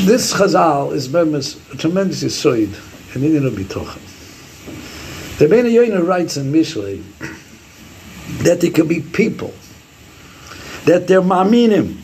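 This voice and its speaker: A man teaches a Torah class with a raised, gravelly voice. His pitch swoops widely as he quotes Hebrew sources and acts out the sayings he explains. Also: very animated, unhurried, pauses often, darkish tone, slight background noise.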